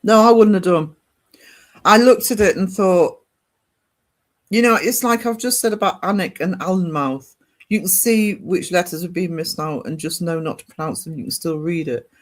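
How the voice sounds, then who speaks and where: A man talks casually on his art livestream. His voice sits slightly high for a man. He chats in a rambling way and reads out viewer comments as he goes. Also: normal speed.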